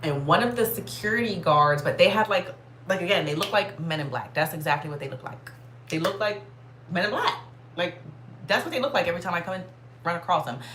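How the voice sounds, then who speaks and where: A woman vlogger telling a story in a casual, animated way, swearing and saying "like" constantly. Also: on the low side, a little fast, reverberant, a little hiss or hum. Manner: animated, profane, heavy filler "like".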